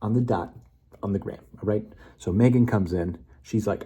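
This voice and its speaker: A man's voice: lowish voice, normal speed, mellow, husky. A man giving a casual, rambling monologue that builds a memory story, playful and correcting himself as he goes. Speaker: vlogger.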